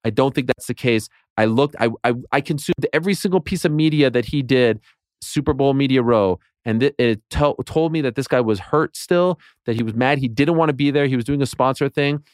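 A man's voice: mid-range voice, brisk, a little mellow, no room sound, studio quality. A man in his late thirties, a podcast guest in casual sports chat, talking with passion and building into rants. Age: late 30s. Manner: passionate, rants with rising intensity.

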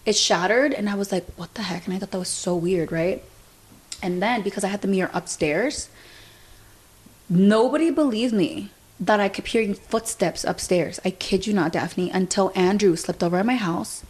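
A woman's voice: medium pitch, normal speed, a little mellow. Chatty young woman podcast host. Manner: chatty, fills speech with "like", retells events through quoted dialogue. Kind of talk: casual storytelling chat.

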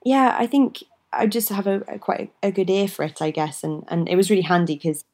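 A woman's voice: mid-range voice, steady tone, a little fast, darkish tone. A woman in her twenties chatting as an interview guest, laughing often and hedging her words. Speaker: actress, guest. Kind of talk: casual interview chat.

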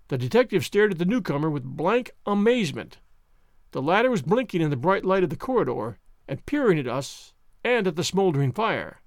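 A man narrating a classic detective story in a measured, expressive audiobook reading. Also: sits high, no echo, studio quality.

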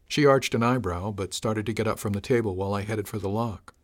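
A man narrating a story in the first person in an audiobook, with a dry, measured, gently wry delivery. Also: fairly low pitch, steady tone.

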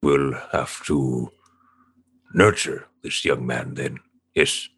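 A man voicing a slow, rumbling old knight with a very deep, gravelly voice. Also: fairly even intonation, a bit bright, full character voice. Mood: musing.

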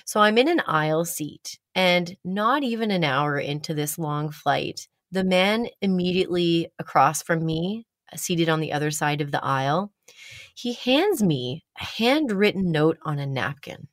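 A woman, likely in her thirties, casually telling a personal story with animated delivery and dramatic pauses. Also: dry recording, clean studio sound. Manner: animated, dramatic pauses, rising pitch when excited.

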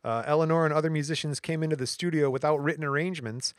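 A man's voice: on the high side, fast talker, no echo, studio quality. A man co-hosting a podcast, casually walking through history notes with jokes and stumbles over words. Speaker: podcast co-host.

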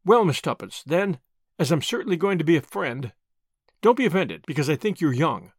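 A man voicing a shrewd, measured older lawyer in an audiobook, with a dry, authoritative delivery. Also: a little high, very animated, breathy edge, no echo. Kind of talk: audiobook character voice.

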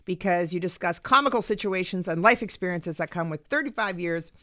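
A woman's voice: lowish voice, animated, a little fast, fairly bright tone. A middle-aged woman hosting a radio comedy talk show, playful and gushing as she introduces her guests. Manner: gushing and playful, laughs easily. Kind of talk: casual radio chat. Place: radio studio.

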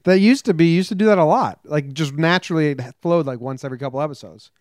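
A man's voice: on the high side, fast talker, a little mellow, no echo, studio quality. A man co-hosting a podcast in casual chat, wry and laid-back as he talks his thoughts through. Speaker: podcast co-host.

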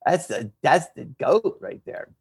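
A man with a Philadelphia accent, an actor and comedian talking casually as a guest, animated and swearing freely. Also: fairly high pitch, normal speed. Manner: animated, swearing, slips into a Philly voice. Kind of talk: casual interview chat.

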